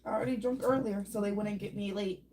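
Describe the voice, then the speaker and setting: A woman's voice: medium pitch, steady tone, fast talker, warm tone, slight background noise. A young adult woman chatting casually with her mother, often teasing and laughing. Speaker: host's daughter. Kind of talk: casual family chat.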